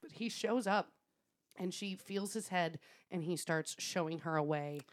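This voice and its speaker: A woman with a somewhat low voice tells a story to a friend in a loose, chatty way. She laughs often and swears freely as she talks. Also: a little slow. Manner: laughing, swearing, animated retelling. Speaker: podcast co-host. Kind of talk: casual storytelling chat.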